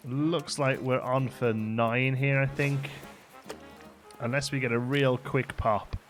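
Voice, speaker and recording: A man's voice: mid-range voice, slow, faint music behind. A man casually commenting on his own gameplay during a live stream, chatting with viewers and answering their messages. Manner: relaxed, chatty, reads chat aloud and answers it.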